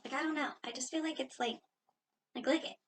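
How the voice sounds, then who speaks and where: A young woman in her late teens, chatting casually in a home reaction vlog, telling a story with animated exasperation. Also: sits high, a little fast, slight background noise. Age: young adult. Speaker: vlogger. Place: indoors at home.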